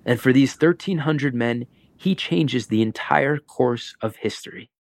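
A man narrating a documentary in a measured, dramatic scripted style. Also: mid-range voice, no room sound.

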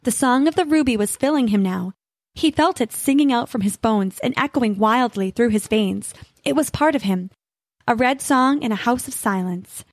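A woman narrating a fantasy story in an expressive, clear reading. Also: fairly high pitch, no room sound.

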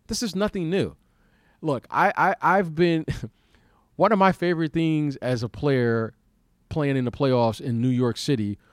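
This man, in his fifties and once a basketball player, leads an easygoing podcast chat with frequent laughter, repeated words, and a stop-start delivery. His pitch is medium, and the recording is dry and studio-quality.

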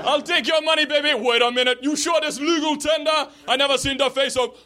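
A comedian voicing a loud, incredulous male cab driver with a Jamaican accent who treats everyone like babies. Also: extremely high pitch, fairly even intonation, fairly quick, voice pushed up. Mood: boisterous. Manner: loud, incredulous, mocking laugh. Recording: comedy club with loud crowd noise.

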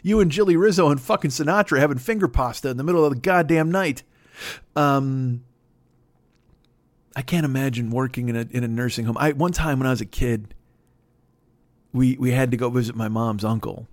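A man in his fifties from the Chicago area, hosting a solo comedy podcast and ranting in a rambling, profane, self-mocking way. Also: medium pitch. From Chicago area, USA. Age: 50s. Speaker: podcast host.

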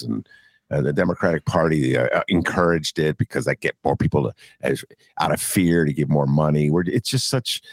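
A man, co-hosting a casual political chat podcast, rambling and animated, laughing often and full of fillers. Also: very deep voice, dry recording, studio quality. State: recovering from a cough. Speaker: podcast co-host and columnist.

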